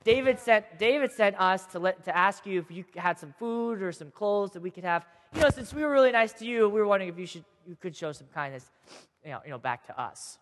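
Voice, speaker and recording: A man's voice: high-pitched, animated, a little fast, a bit bright. A man voicing a timid male servant who rambles hesitantly. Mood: sheepish. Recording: long hall reverb.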